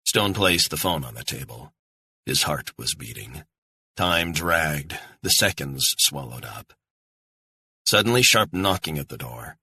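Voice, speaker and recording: A man narrating a thriller audiobook in a measured, tense delivery. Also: a bass voice, expressive, sharp tone, slightly rough.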